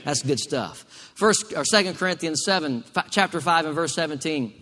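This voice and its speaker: A man's voice: a little high, animated, moderate pace, pushed and bright, long reverb tail. A male pastor preaching a sermon emphatically, calling for responses from the congregation.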